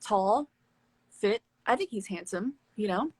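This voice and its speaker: A woman with a husky, slightly breathy voice recounts a story on a live stream in casual chat. She talks candidly and swears freely. The sound is dry and close. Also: mid-range voice, lively intonation, unhurried, no echo. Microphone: phone on a live stream.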